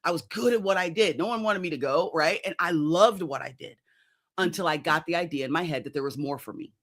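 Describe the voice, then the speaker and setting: A woman in her fifties, a coach, telling her own story in an interview in a lively, conversational way and often checking in with "right?". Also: lowish voice, brisk. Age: 50s. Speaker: executive coach guest.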